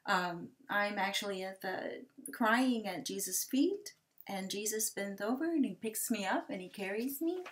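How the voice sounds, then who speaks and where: Slow, gentle woman sharing testimony. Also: medium pitch, animated. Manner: gentle, halting, with hesitant restarts. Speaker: ministry speaker sharing testimony. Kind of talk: personal testimony talk.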